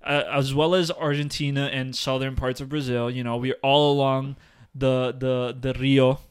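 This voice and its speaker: A man's voice: mid-range voice, flat delivery, normal speed, smooth. A man from Uruguay co-hosting a podcast, joking, teasing and getting defensive in casual banter. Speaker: podcast co-host.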